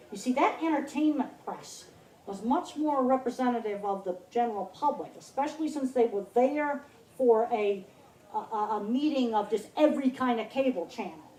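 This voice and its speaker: A woman's voice: a little high, dark tone. A woman in her sixties giving a blunt, emphatic public talk at an outdoor country fair, repeating words for stress. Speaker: speaker. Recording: roomy, distant mic, faint noise.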